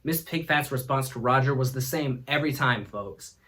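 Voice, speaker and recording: A man's voice: mid-range voice, normal speed, a bit bright. A man hosting a comedy talk show, telling a rambling story with folksy asides and frequent laughter. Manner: laughs often, acts out voices, folksy asides.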